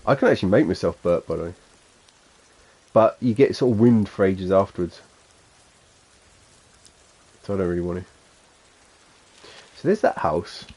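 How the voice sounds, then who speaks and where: A man's voice: low voice, normal speed, pauses often, darkish tone, breathy edge. A man with a Suffolk accent chatting casually and rambling as he streams a game, chuckling to himself. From England. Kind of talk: casual gameplay chat.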